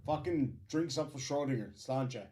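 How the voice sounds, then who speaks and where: A man's voice: medium pitch, moderate pace, warm tone, breathy edge. A man streaming commentary, gloating and mocking with heavy swearing. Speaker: streamer reacting to a clip. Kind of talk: profane commentary.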